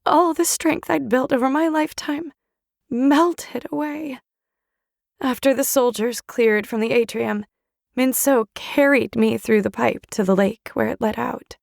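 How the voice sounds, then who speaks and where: A woman's voice: fairly high pitch, a little slow, creaky, a little mellow, no room sound, studio quality. A woman narrating an audiobook in a dramatic, emotional first-person reading. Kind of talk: scripted narration.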